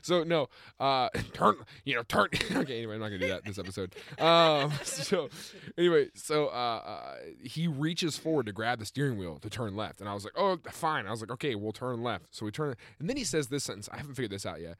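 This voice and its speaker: A man's voice: medium pitch, sing-song, fairly quick, few pauses, a bit bright. A young man co-hosting a podcast, telling a long story in a casual way and laughing often as he goes. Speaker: podcast co-host.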